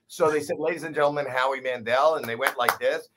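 A man in his sixties, a guest comedian telling a story in casual chat, animated, swearing and poking fun at himself. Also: medium pitch, fast talker, background noise. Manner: animated, profane, self-deprecating.

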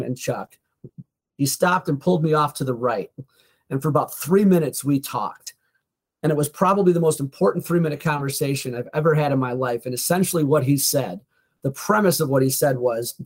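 A man, a guest author and motivational speaker, frankly and earnestly telling a personal story in a podcast interview, now and then with a swear word. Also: fairly high pitch.

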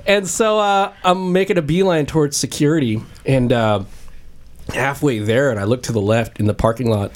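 A man in a lively group podcast chat, telling a story with energy and swearing freely. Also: medium pitch, normal speed. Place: room with several people.

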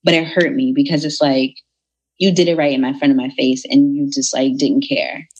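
Low-voiced young woman telling a story. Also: normal speed, slightly rough. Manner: animated, retells dialogue in voices. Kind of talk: casual storytelling.

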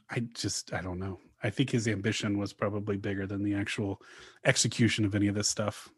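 A man's voice: fairly low pitch, level tone, brisk, slightly rough. A man co-hosting a casual podcast, recounting a story at length with frequent restarts. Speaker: podcast co-host.

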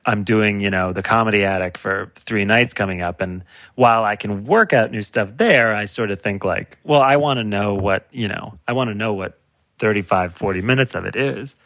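A man's voice: fairly low pitch, moderate pace, a bit bright, no room sound, studio quality. A male comedian in a casual chat, laughing often as he riffs and acts out silly voices. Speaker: comedian guest.

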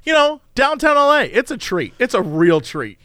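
A man telling a story in casual chat, animated and exasperated, swearing now and then. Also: extremely high pitch, moderate pace, no echo, studio quality. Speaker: podcast host telling a story.

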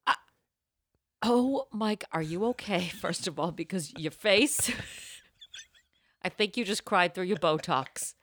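A woman's voice: on the low side, slow pace, long pauses, a bit bright, no room sound. A woman in casual chat, reacting to a story with teasing, dramatic comments.

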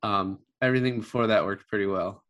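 A man's voice: fairly low pitch, a little fast, fairly bright tone. Rambling man chatting about movies. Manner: rambling, many fillers and restarts. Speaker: podcast co-host. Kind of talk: casual movie review chat.

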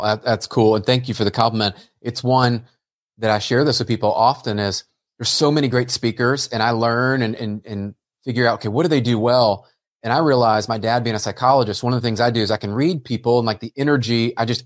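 A man's voice: mid-range voice, a little fast, no room sound, studio quality. A man hosting a podcast, speaking in an earnest, reflective way with frequent filler words. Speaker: podcast host. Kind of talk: casual interview chat.

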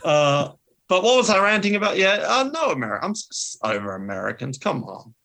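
An Australian man with a somewhat high, gravelly voice and a bright, forceful tone. He co-hosts a casual podcast and rants with firm opinions. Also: big pitch swings, a little fast. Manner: ranting, opinionated, swears. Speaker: podcast co-host. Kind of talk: casual chat.

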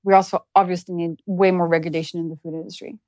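A French-accented woman in her thirties talks fast and directly as a guest in an easygoing interview. Her voice sits a little low, and the sound is dry and close to the mic. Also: level tone, darkish tone, no room sound. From France. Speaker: guest, nutrition educator. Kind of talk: casual interview chat.

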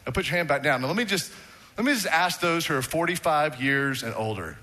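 A man's voice: fairly high pitch, animated, fairly quick, pushed and bright. A middle-aged man preaching a sermon to his congregation, conversational and asking them questions. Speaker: pastor. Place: church sanctuary.

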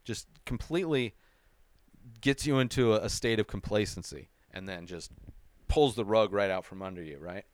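Man reviewing a film, excitable and profane, smooth clear voice, dry close sound. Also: on the low side, moderate pace, dry recording. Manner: excitable and swears freely, often tags "right?". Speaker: movie review show host. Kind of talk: casual spoken movie review.

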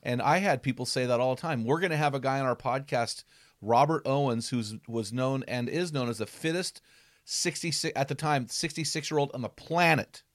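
A man, a former football coach, talking through Bible passages in an animated casual way, acting out quotes with loud bursts. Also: mid-range voice, moderate pace, no room sound, studio quality. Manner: emphatic, acts out quotes with sudden loud bursts.

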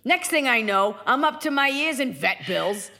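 A scrappy, grumbling female cat with tough street talk, pitched a little higher than an everyday voice, as a woman puts her on. She is defiant and scheming. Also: expressive, moderate pace, bright, forceful tone, exaggerated voice.

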